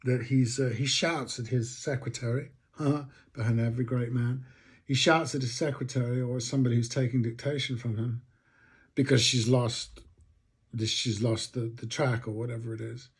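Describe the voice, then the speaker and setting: A man's voice: mid-range voice, fairly even intonation, normal speed, breathy edge. A man giving a reflective, rambling monologue, thinking aloud with frequent restarts.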